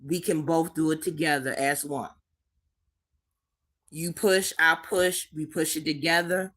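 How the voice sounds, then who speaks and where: A woman hosts a live chat from home, talking very slowly with her voice on the edge of tears. She repeats her words of encouragement and calls her viewers sweetie and baby. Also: low voice, steady tone, a bit bright. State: holding back tears. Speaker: livestream host reading chat.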